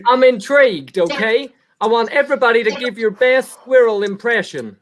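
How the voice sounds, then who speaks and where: A woman's voice: fairly high pitch, moderate pace. A woman chatting with friends, making dry, wry remarks. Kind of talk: casual chat.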